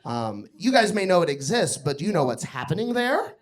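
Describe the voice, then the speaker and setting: Animated young man doing stand-up. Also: fairly high pitch, a little fast. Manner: animated, crude storytelling. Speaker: stand-up comedian. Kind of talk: stand-up comedy set. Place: comedy club stage.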